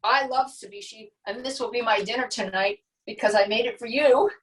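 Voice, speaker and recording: A woman's voice: on the high side, normal speed, recorded from a distance, low-quality recording. A middle-aged woman chatting casually as a guest while she shows how she makes a dish, explaining step by step with many asides. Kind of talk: casual cooking demo chat.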